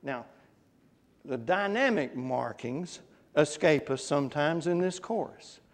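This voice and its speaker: A man's voice: fairly high pitch, lively intonation, slow pace, in a large hall. A man preaching a conversational sermon, often putting questions to his congregation. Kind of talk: interactive Bible class sermon. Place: church.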